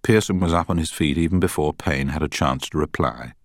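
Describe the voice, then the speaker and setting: A man narrating an audiobook with steady, scripted storytelling on a close studio mic. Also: very deep voice, a little fast, no room sound.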